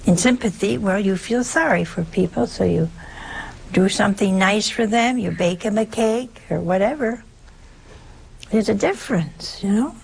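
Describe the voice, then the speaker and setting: A woman's voice: mid-range voice, moderate pace, creaky, a little mellow, slightly rough. An older woman giving a conversational sermon, emphatic and full of rhetorical questions. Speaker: preacher.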